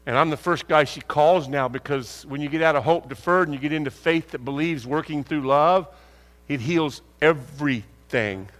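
A man's voice: a little high, normal speed, fairly bright tone. An older man preaching a folksy storytelling sermon, talking conversationally to a congregation. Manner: folksy, conversational, acts out dialogue. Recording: long hall reverb.

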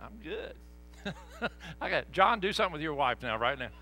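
Animated preacher man, high and lively. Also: normal speed, faint music behind. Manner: folksy, animated, laughing asides to the congregation. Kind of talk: storytelling sermon. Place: church sanctuary.

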